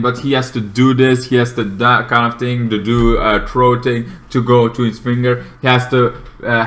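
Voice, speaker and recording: A man's voice: medium pitch, fairly bright tone. A man reviewing a show in casual chat, rambling with lots of fillers. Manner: rambling, full of fillers and restarts.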